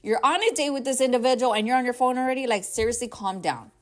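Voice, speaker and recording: A woman's voice: fairly high pitch, expressive, fast. A woman hosting a casual advice podcast, talking in a rambling, heartfelt way, sometimes close to tears. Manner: rambling and heartfelt, with many "like", "right?" and "y'all". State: emotional, near tears at times. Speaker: podcast host.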